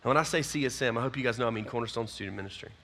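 A man, a youth pastor giving a folksy, energetic closing talk to his youth group. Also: mid-range voice, racing, vocal fry.

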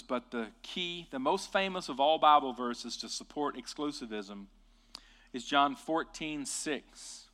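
A man preaching a sermon with passion, rising to loud emphatic peaks and dropping to quiet, deliberate lines. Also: fairly high pitch. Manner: impassioned, swings from hushed to loud and emphatic.

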